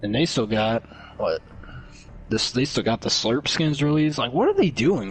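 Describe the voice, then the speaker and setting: A young man streaming games and chatting casually, excitable and joking, swinging between whiny pleading and low muttering. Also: measured pace. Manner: excitable, joking, lots of laughter. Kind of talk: casual gaming stream chat.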